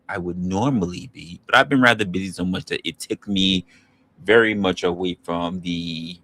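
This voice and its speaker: Deep-voiced man rambling to his stream chat. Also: moderate pace, sharp tone. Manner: rambling, loose, self-correcting; talks straight to his chat. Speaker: livestream host. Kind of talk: casual livestream chat.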